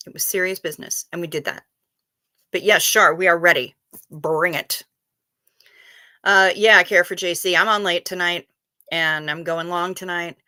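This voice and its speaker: Woman, livestream host, bright tone, dry close sound, playful chatty manner, reads chat aloud. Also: fairly low pitch, dry recording. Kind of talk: casual livestream chat with viewers.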